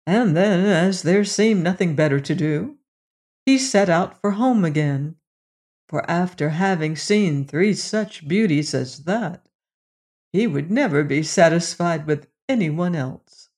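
A storyteller reads a fairy tale at an unhurried, measured pace. The voice sits at a middling pitch and stays gently expressive. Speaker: narrator.

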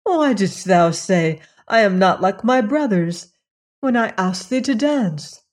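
A woman's voice: medium pitch, expressive, takes it slowly. A woman reading as a tender young princess. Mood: playful. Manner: gentle, questioning, archaic speech.

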